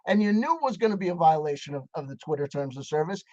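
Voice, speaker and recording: Male commentator, sarcastic and swearing, voice a bit high, dull dry recording. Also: very animated, fairly quick, few pauses, no echo. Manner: sarcastic, profane, heated. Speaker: commentator reacting to a video. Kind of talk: ranting video commentary.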